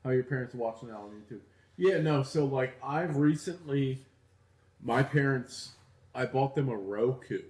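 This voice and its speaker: A man's voice: mid-range voice, normal speed, a little mellow. A young man co-hosting a podcast in casual chat, laid-back and chatty, with lots of "like" fillers. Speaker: podcast co-host. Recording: roomy echo.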